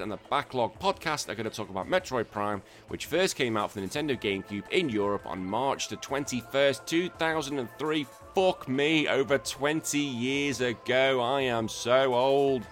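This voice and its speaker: A man's voice: mid-range voice, lively intonation, moderate pace, few pauses, a bit bright, faint music behind. A man with a Northwest English accent, hosting a podcast in a casual, rambling, sweary way. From northwest England. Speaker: podcast host.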